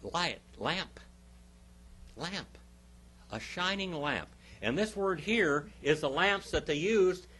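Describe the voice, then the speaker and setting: A man's voice: on the high side, expressive, slow, long pauses, a bit bright, husky. A male pastor teaching a Bible class, emphatic, stopping often to quiz his listeners with questions.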